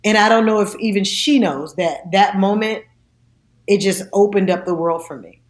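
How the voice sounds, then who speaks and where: A woman's voice: medium pitch, normal speed. Woman, entertainer guest, bubbly storyteller, echoey room. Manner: animated, acts out quotes with laughs. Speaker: actress and singer, interview guest. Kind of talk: lively interview storytelling.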